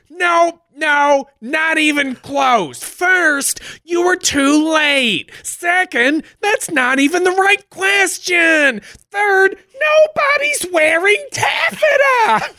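Furious ranting old king, radio play, piercing bright shrieks, sweeping wildly up and down. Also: very high voice, big pitch swings, extremely slow, dry recording, studio quality, pitched above the performer's own voice, heavily acted. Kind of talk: 1940s radio acting.

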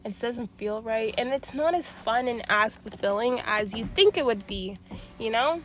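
A young woman with a high, light voice talks straight to her viewers in a confessional vlog. She sounds sad and close to tears. She rambles, circles back and swears often. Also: animated, normal speed, slight background noise. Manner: emotional, rambling, frequent swearing. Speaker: vlogger.

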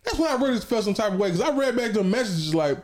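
A man in his twenties with a high-pitched voice, co-hosting a podcast in casual, slangy, animated chat. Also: fast. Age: 20s. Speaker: podcast co-host.

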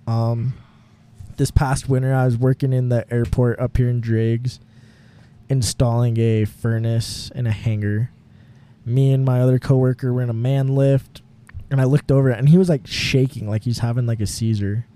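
A man's voice: mid-range voice, level tone, moderate pace, dark tone. A young man co-hosting a podcast, telling a long rambling story in casual chat, full of fillers and laughing often. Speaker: podcast co-host. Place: home garage.

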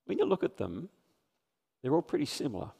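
A man's voice: mid-range voice, huge pitch swings, a little fast, gravelly, warm tone, breathy edge. A man preaching a sermon in a church, earnest and conversational, putting questions to his congregation. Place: church sanctuary. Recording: live church stream with long reverb.

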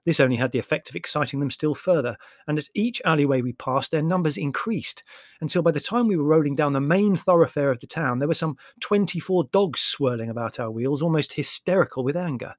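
A man narrating an audiobook with measured, expressive storytelling. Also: fairly high pitch, no echo, clean studio sound. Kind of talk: scripted narration.

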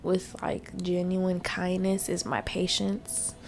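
A woman's voice: fairly low pitch, monotone, slow pace, vocal fry. A young woman hosting a podcast, venting bluntly through tears and sniffles in a casual monologue, swearing freely. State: tearful, sniffling. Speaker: podcast host.

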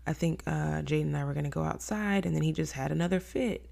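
A woman's voice: low voice, fast, vocal fry, warm tone. A young woman hosting a faith-based podcast, telling a candid personal story and acting out her own quoted thoughts. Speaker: podcast host.

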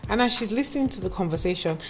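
A woman tells a cautionary story in a lively, lecturing way and speaks straight to her listeners. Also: medium pitch, very fast, soft background music. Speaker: advice speaker. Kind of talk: moralizing storytelling monologue.

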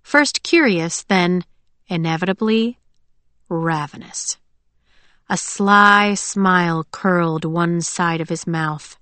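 A woman narrating an audiobook in a measured, expressive reading. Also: fairly low pitch, dry recording. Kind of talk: scripted narration.

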